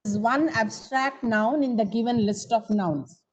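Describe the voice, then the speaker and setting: A woman's voice: a little high, measured pace, low-quality recording. A woman teaching grammar in an online coaching class, coaxing students for answers and calling on them by name. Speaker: English teacher.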